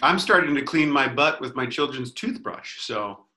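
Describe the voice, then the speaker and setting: A man on a comedy podcast panel, trading crude jokes in a deadpan way. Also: medium pitch, moderate pace, a little hiss or hum. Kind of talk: casual comedic banter. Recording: echoey room.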